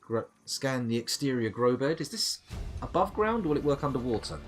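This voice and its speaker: A man's voice: mid-range voice, very animated, brisk, soft background music. A middle-aged man giving chatty, playful live commentary on his game, talking to the creatures and to himself. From United Kingdom. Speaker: gaming streamer.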